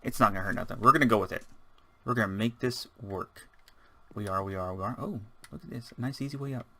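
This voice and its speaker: A man's voice: on the low side, fast talker, creaky, bright, forceful tone. A man giving rambling, casual let's-play commentary, chatting and muttering to himself as he builds. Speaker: gaming channel host.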